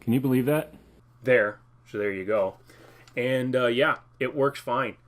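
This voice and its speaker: A man's voice: medium pitch, a little slow, noisy background. A man in a casual vlog, rambling and joking as he shows off games he bought. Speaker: game collector vlogger. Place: home living room.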